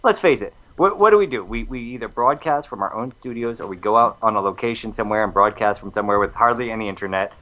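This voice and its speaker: A man's voice: lowish voice, quick pace, few pauses, sharp tone. A man co-hosting a live radio show, joking and rambling in casual banter.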